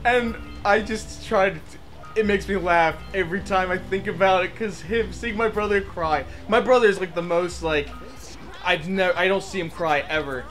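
A man's voice: sits high, normal speed, a bit bright, soft background music. A young man telling a funny story in casual chat over gameplay, laughing through his words. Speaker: let's play co-host.

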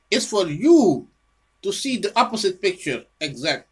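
Rambling, halting home-video lecturer. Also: mid-range voice, big pitch swings, slightly rough. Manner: halting, repeats words and restarts phrases; lectures an imagined listener, scolding. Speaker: home video presenter showing own research. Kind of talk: rambling unscripted monologue.

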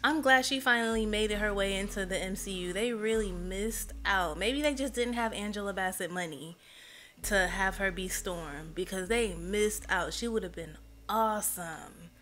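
A woman live streamer chatting casually with her viewers, emotional and expressive. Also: mid-range voice, moderate pace.

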